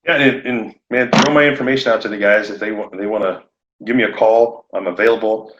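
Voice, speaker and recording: A man talking shop as a podcast guest, animated and laughing often as he acts out conversations. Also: fairly low pitch, fairly quick, noisy background. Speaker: podcast guest, roofing contractor. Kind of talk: casual podcast chat. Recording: echoey room, dull lo-fi sound.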